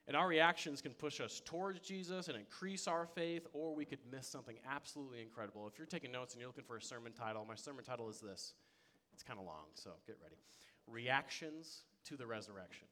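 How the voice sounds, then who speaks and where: Lively young pastor preaching a sermon. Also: male voice, medium pitch. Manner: energetic storytelling, big swings from loud excitement to quiet. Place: church sanctuary.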